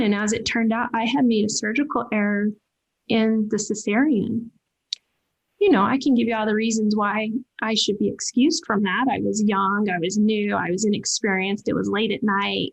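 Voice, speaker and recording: A woman's voice: medium pitch, poor audio. A woman veterinarian, a podcast guest, telling a personal story earnestly and emotionally, often restarting her sentences. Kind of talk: candid interview storytelling.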